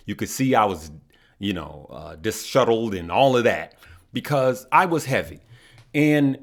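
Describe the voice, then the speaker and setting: Lowish male voice, earnest stock guy talking to his viewers, keeps saying okay. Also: a bit bright. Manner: earnest, passionate, repeats himself and adds "okay?". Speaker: stock market YouTuber. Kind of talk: casual direct-to-camera talk.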